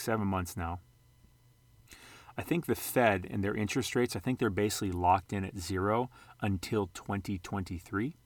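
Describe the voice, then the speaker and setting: A man with a fairly low voice talks viewers through charts in a loose, rambling vlog style. He corrects himself often and throws in jokey asides. The sound is dry and close, with no room echo. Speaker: sports card and investing vlogger. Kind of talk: casual screen-share commentary.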